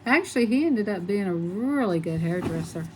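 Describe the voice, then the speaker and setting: A woman's voice: mid-range voice, expressive, moderate pace, slight background noise, low-quality recording. A middle-aged woman chatting casually and rambling as she colors, laughing often. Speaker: coloring channel host. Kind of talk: casual chat while coloring.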